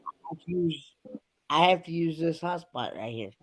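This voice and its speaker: A man chatting casually on a livestream from a hotel room, halting and repeating himself. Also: on the high side, animated. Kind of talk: casual chat.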